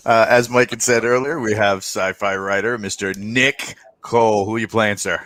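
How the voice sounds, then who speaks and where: Low-voiced man running a tabletop game. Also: fairly even intonation, moderate pace, a bit bright, no room sound. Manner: loose, laughing, lots of fillers. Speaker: game master. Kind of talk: casual game intros and narration.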